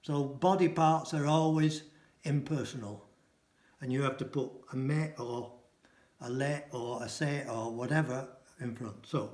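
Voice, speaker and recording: A man's voice: medium pitch, steady tone, darkish tone. Echoey man teaching everyday phrases. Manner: explains phrases by repeating them slowly and translating. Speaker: language teacher. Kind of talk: casual language lesson. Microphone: camera mic.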